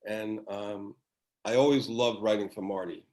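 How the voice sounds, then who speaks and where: A man's voice: on the low side, steady tone, unhurried, low-quality recording. Older man telling stories rambly. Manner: rambling, warm storytelling with restarts. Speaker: podcast guest, former children's TV writer. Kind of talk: casual chat.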